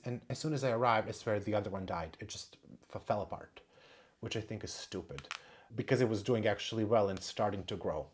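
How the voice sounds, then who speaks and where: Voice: medium pitch, a little fast, husky. A plant collector in a casual show-and-tell vlog at home, chatting in a meandering way and thinking aloud while showing each plant.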